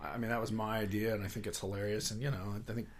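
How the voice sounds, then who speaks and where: A man's voice: lowish voice, little pitch movement, very fast. A middle-aged man, a puppetry writer and director, chatting as an interview guest in a rambling way, often restarting his sentences. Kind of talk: casual interview talk.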